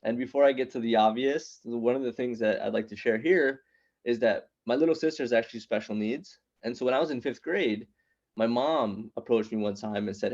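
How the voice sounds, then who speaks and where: Animated male stand-up comic, muffled recording. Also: mid-range voice. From immigrant raised in New York City. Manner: animated, punchy, quick asides to the crowd. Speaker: stand-up comedian at open mic. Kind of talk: stand-up comedy storytelling.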